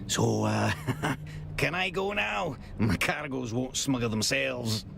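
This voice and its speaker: A man's voice: mid-range voice, expressive, takes it slowly, background noise, exaggerated voice. An actor playing a shifty, nervous male smuggler in a video game, with a Scottish accent and an evasive, pleading way of talking. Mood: conspiratorial. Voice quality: gravelly, nervous laughter. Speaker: game character.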